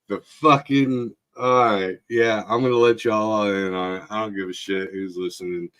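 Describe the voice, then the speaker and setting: A man tells crude stories in a casual chat, his voice sitting fairly low. He swears freely and often breaks into laughter. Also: a bit bright. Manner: profane, laughing storyteller.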